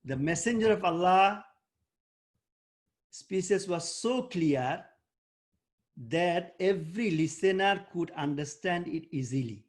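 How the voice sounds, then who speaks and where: A man teaching an online debate workshop over a video call. He coaches and quizzes students by name, and he often pauses and searches for words with fillers. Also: sits high, animated.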